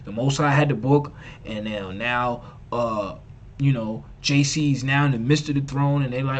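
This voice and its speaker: A man's voice: medium pitch, moderate pace, a little hiss or hum. A man preaching on a live stream, emphatic and repetitive, mocking and slangy. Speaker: online preacher and teacher.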